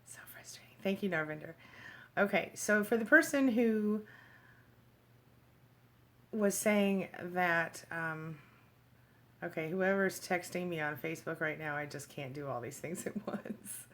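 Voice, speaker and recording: Low, gravelly woman chatting live. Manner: chatty, greets and thanks viewers by name, reads comments aloud; laughs easily, talks in quick bursts. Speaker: livestream host. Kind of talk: casual live chat with viewers. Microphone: phone.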